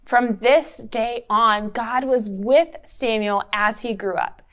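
A woman's voice: fairly high pitch, slow pace. A woman leading an interactive Bible story for children, playfully coaxing them to join in. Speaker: children's Bible lesson leader.

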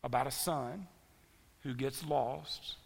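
Gravelly-voiced preacher in a big hall. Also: male voice, medium pitch, takes it slowly. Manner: animated storytelling preacher. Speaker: pastor. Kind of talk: sermon. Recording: long reverb of a large hall.

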